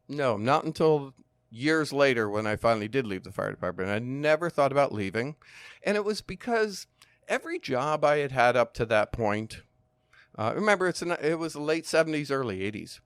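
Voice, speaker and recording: A man in his sixties telling stories as a podcast guest, calm and measured, with dry humor. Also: medium pitch, clean tone, dry recording. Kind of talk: storytelling interview.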